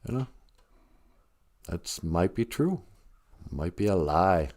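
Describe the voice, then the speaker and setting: A man's voice: low voice, big pitch swings, takes it slowly, darkish tone. A middle-aged man hosting a live stream, talking casually and joking as he teaches Ojibwe words and says a prayer. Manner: joking and rambling, breaks into laughter and prayer.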